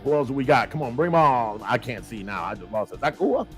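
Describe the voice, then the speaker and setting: A man hosts a relaxed livestream and calls out names with lively energy, slipping easily into Spanish phrases. Faint music plays underneath his voice. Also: mid-range voice, quick pace. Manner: lively, shout-outs to viewers, mixes in Spanish phrases. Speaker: show host. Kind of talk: casual livestream chat.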